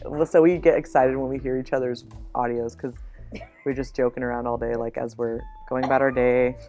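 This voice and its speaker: A woman co-founder chatting candidly in an interview, soft-spoken and laughing often. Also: extremely low pitch, fairly even intonation, fairly quick, faint music behind.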